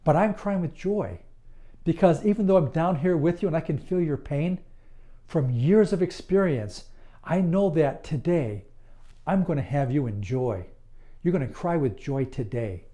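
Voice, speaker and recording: A man with a voice on the high side speaks as a certified hypnotist in a slow, earnest promotional monologue. He stays calm and deliberate, with long soothing pauses.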